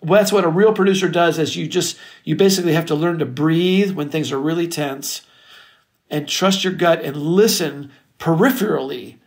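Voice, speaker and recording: A middle-aged record producer telling stories in an interview, animated and casual, swearing freely. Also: male voice, fairly high pitch, normal speed, vocal fry. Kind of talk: storytelling interview chat.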